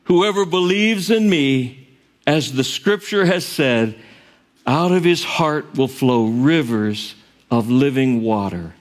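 A man preaching a sermon as pastor, earnest and direct, rising to loud cries on the quoted verses. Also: medium pitch, animated, takes it slowly.

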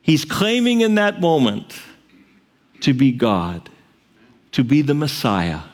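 A man preaching a sermon as pastor, earnest and direct, rising to loud cries on the quoted verses. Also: mid-range voice, wildly swooping pitch, slow.

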